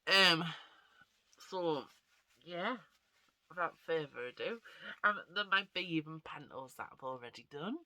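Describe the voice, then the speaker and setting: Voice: medium pitch, animated, a little slow, long pauses, pushed and bright. A vlogger and actor with a stuffy, congested nose, chatting casually and rambling to camera. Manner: rambling, chatty, self-deprecating.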